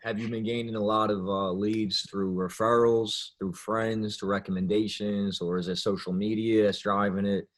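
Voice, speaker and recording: A man with a fairly low voice hosts a podcast, asking short, easygoing questions. He sounds a bit distant from the mic. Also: flat delivery, moderate pace, few pauses. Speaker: podcast host. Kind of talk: casual podcast interview.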